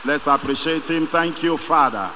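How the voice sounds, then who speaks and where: A man leading a congregation in a church, brisk and declamatory. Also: fairly high pitch, pushed and bright. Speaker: church minister. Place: large church hall. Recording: echoey hall with faint noise.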